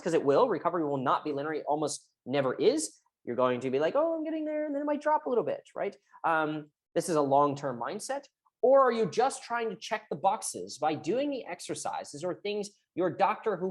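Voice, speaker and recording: In a direct-to-camera health talk, a woman with a low-pitched, somewhat mellow voice explains recovery as a physical therapist. She speaks conversationally and often asks "right?" to check in.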